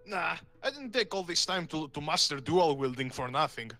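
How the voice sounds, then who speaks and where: A man's voice: on the high side, very animated, moderate pace, bright, forceful tone, faint music behind. A man playing a tabletop game, talking in character with brash, swaggering banter. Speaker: player. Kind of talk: in-character tabletop role-play.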